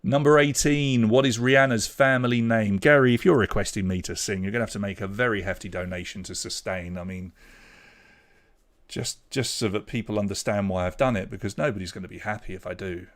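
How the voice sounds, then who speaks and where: A man's voice: fairly low pitch, a little fast. A man hosting an online pub quiz, reading out questions and scores with chatty, jokey asides. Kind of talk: live quiz hosting, casual chat.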